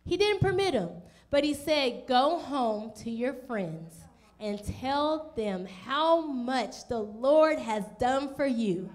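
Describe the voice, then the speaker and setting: A woman with a high voice preaches a sermon as pastor. She speaks straight to her listeners with questions. She brings the story to life by putting on the voices of its people. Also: animated, takes it slowly, darkish tone. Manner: direct questions to the congregation.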